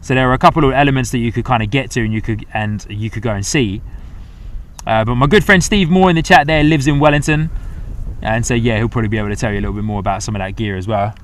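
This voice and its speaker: A man's voice: mid-range voice, fast talker. Chatty New man livestreaming. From New Zealand. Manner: rambling, hesitant, friendly chatter with many fillers. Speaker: livestream host. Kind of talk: casual live commentary. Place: outdoors at an airport.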